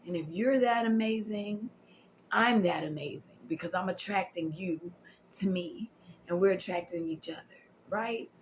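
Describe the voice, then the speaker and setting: A woman's voice: fairly low pitch, moderate pace, a little hiss or hum, rough recording. Emotional woman giving a spiritual card reading. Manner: affirming, repetitive, emotional, drops to whispers. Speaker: tarot and oracle card reader.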